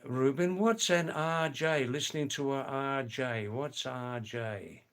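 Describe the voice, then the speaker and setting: Slow rambling older man live streaming. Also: mid-range voice, a bit bright. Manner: slow, rambling, repeats words, chuckles to himself. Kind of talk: casual live stream chat reading comments. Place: home in a small farming hamlet.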